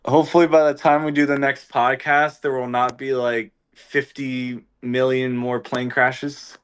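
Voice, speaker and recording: A man's voice: mid-range voice, little pitch movement, unhurried, clear, resonant tone. A man chatting in a laid-back, casual way on a podcast. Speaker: podcast co-host.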